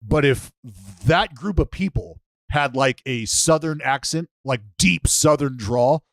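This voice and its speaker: A man's voice: on the high side, measured pace, no echo. Laughing, swearing podcast co-host man. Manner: laughs often, swears casually. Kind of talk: casual podcast chat.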